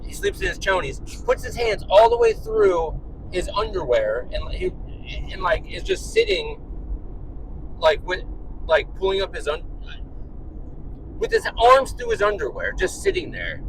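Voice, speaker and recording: A man rants about his morning from his car, swearing freely and exasperated. His voice sits a little high and swings widely up and down as he tells it. A faint hum of road noise stays behind him. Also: measured pace, creaky, pauses often. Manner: profane, exasperated, animated storytelling. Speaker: vlogger and dad. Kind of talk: ranting storytime.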